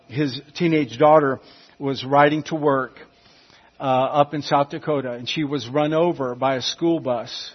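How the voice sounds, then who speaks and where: Husky preacher, emphatic sermon. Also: male voice, medium pitch. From United States. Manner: emphatic, swinging from hushed to loud. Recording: dull lo-fi recording.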